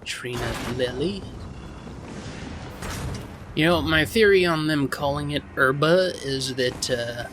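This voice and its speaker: A man's voice: a little high, takes it slowly, long pauses, a bit bright, a little hiss or hum. A man giving casual, rambling commentary while playing a game, mocking himself and swearing freely as he goes. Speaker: gaming channel host.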